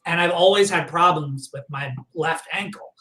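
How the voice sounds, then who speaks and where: A man guest on a podcast, recounting a personal memory in a halting way, full of fillers and restarts. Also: on the high side, pushed and bright. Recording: echoey room, voice far from the mic.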